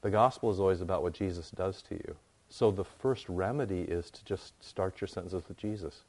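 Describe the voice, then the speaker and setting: Conversational male pastor, lowish voice. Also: fairly quick, darkish tone. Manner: conversational, builds to emphatic repetition. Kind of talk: sermon.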